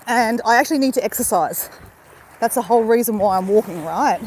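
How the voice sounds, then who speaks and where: A woman's voice: fairly high pitch, animated, brisk, darkish tone, slight background noise, rough recording. An Australian woman chatting casually to viewers on a phone while she walks along a beach. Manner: chatty, laughing, talks straight to viewers. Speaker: YouTuber doing a live stream. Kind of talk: casual chat while walking. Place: outdoors on a beach. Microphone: phone at arm's length.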